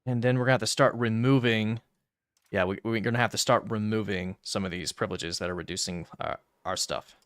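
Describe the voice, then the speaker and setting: A man's voice: lowish voice, fairly even intonation, brisk, a bit bright, no echo, clean studio sound. A young man streaming a strategy game, casually thinking aloud through his moves and muttering calculations, now and then flaring into exasperated rants. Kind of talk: casual gameplay commentary.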